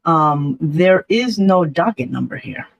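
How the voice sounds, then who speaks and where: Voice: mid-range voice, animated, takes it slowly, vocal fry, low-quality recording. A vlogger giving casual commentary, chatty and skeptical, with frequent ums and uhs.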